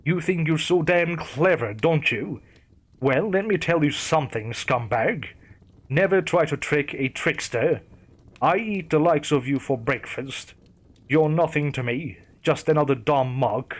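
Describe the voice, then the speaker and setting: A man's voice: on the high side, unhurried. A man voicing a spiteful old male trickster who snarls and growls his threats in a horror story narration. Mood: furious. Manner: snarling, growled through clenched teeth.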